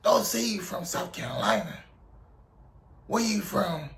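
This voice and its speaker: A man's voice: high voice, very animated, unhurried, vocal fry, a bit bright, roomy sound, full character voice. A man voicing a harsh male drill sergeant who barks clipped orders at a recruit. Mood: barking. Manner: barking orders in clipped commands.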